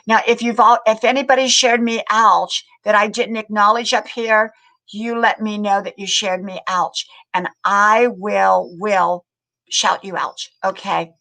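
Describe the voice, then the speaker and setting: An older woman hosts a casual live stream in a friendly, talkative way. She welcomes viewers by name and often says things twice, in a voice of middle pitch. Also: sharp tone, poor audio. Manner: chatty, greets viewers by name, repeats words. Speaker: livestream host.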